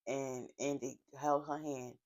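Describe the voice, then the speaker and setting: A woman's voice: rumbling low, level tone, slow, darkish tone. A woman casually recapping a TV drama episode in a chatty, heartfelt storytelling way, with frequent fillers and asides. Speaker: TV show recapper.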